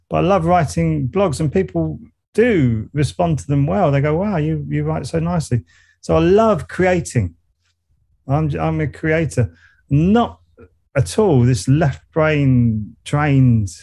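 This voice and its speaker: A man's voice: medium pitch, gravelly, dark tone. A middle-aged man with a Surrey English accent, talking as an interview guest in a reflective, rambling way. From England. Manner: reflective, rambling, frequent restarts and laughs. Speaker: guest, meditation coach and musician. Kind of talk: casual interview conversation.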